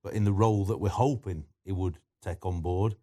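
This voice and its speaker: A man who is a former goalkeeping coach, giving measured opinions as a guest on a football chat. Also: deep voice, dark tone.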